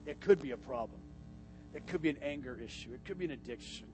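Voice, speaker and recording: A male preacher giving a sermon in a church, moving between quiet instructions to the congregation and shouted, climactic passages. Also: mid-range voice, expressive, fast, music in the background. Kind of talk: sermon with altar call. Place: church sanctuary.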